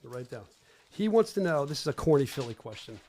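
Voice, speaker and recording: Fast-talking male podcast host. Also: mid-range voice, sing-song, warm tone. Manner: quick, eager questioner. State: coughing from a lingering illness. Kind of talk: casual podcast chat.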